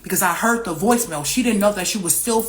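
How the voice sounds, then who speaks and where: A young woman telling a casual storytime vlog, profane and animated, repeating herself and acting out what other people said. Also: medium pitch, fast. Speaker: vlogger.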